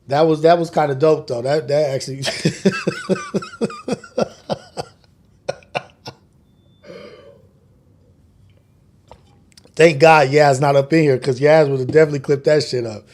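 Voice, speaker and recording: A man in his forties hosts a casual morning show from home, with a slightly raised pitch. His talk is loose and joking, full of swearing and quick laughs. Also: a little mellow. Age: 40s. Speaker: podcast host.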